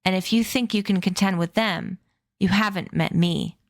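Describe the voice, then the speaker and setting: A woman's voice: mid-range voice, normal speed, no room sound, natural voice. A woman voicing a mischievous, proper invisible boy in a read-aloud story, with a pleased-with-himself delivery. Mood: alarmed.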